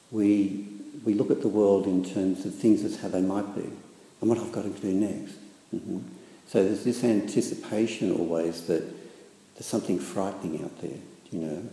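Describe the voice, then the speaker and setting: A man giving a reflective spiritual talk in a thoughtful, hesitant way, with many pauses and fillers. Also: sits low, mellow. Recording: echoey hall with long reverb.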